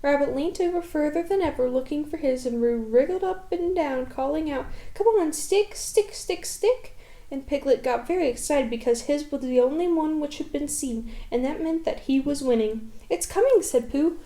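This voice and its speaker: A woman's voice: high voice, normal speed, few pauses, warm tone. Woman reading a storybook aloud. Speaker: reader. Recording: echoey room.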